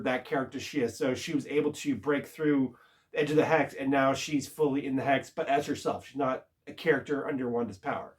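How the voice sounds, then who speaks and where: A man talks through a TV episode in a loose, casual spoiler recap. He rambles and restarts his sentences, filling the gaps with plenty of ums and uhs. His voice sits at an ordinary middle pitch. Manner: rambling, halting, lots of filler words. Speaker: TV show reviewer.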